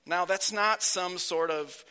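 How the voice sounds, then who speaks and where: A man preaching a sermon with earnest, emphatic delivery and slow drawn-out phrases, his voice a little whiny from being sick. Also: high voice, sharp tone, clear, resonant tone.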